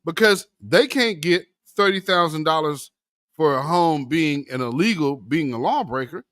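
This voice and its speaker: A man with a high, bright voice that leaps all over as he speaks. He sounds impassioned and preachy, talking straight to his audience as family. His recording is dry and close, with no room sound. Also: expressive, moderate pace, no echo. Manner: impassioned, preachy, addresses viewers as family and brother. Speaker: commentary channel host. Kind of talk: political commentary vlog.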